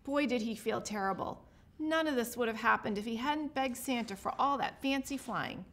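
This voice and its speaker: A woman who is a state representative, reading a children's picture book aloud with lively expression. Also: a little high, normal speed. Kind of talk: children's story read-aloud.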